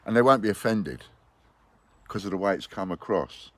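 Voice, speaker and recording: Blunt, rambling man with a deep voice. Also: lively intonation, moderate pace, a bit bright, no room sound. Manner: blunt and rambling, with hypothetical quotes. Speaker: business owner addressing investors. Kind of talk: unscripted monologue to camera.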